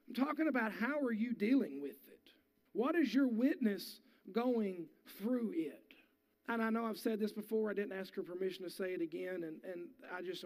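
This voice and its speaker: A pastor preaches to his church in a high, gravelly voice. His folksy sermon builds into fervent preaching. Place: church sanctuary.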